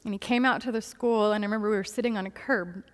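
A woman telling a personal faith testimony, candid and earnest, laughing softly now and then between many fillers. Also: medium pitch, fairly even intonation, quick pace, long reverb tail. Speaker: speaker sharing a personal testimony.

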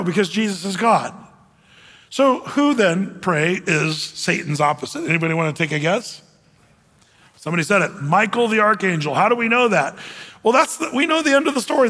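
A man's voice: high-pitched, pushed and bright, big-room sound. A man preaching a conversational sermon as pastor, mocking naive believers with sarcastic put-on voices.

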